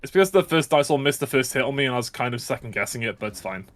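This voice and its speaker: A man's voice: mid-range voice, expressive, very fast. Jokey upbeat speedrunner guy. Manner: jokey, upbeat, self-aware. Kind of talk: casual live commentary over gameplay.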